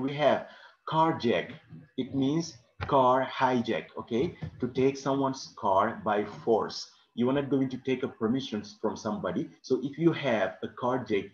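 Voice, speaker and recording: An English teacher with a lowish voice gives a classroom vocabulary lesson, explaining slowly and checking in often with "okay?" The room is echoey and the sound dull and lo-fi.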